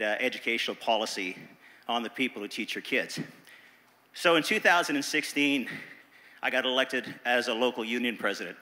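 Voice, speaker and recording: Lively man addressing a conference hall. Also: mid-range voice. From Nova Scotia. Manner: lively, engaging, crowd-working. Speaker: panelist, teachers' union president. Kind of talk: panel talk. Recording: reverberant hall.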